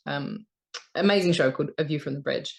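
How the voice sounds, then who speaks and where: A woman's voice: low-pitched, a little fast, creaky. A young woman from New Zealand, a voice actor, chatting casually in an interview and laughing often. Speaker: voice actor guest.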